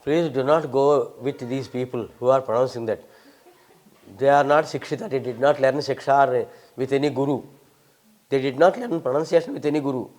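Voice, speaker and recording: Fielding questions from the audience, an older Indian scholar of Sanskrit speaks fairly quickly in a steady, medium-pitched, darkish voice. His Indian English delivery is emphatic and lecturing, with touches of wry humour.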